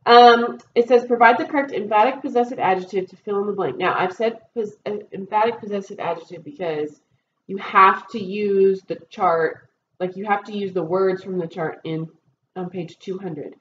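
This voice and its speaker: A woman's voice: mid-range voice, moderate pace. Woman teacher patiently explaining a test. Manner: patient, explanatory, many ums and okays. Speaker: Spanish teacher. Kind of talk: recorded test review lesson. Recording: dull roomy recording with faint noise.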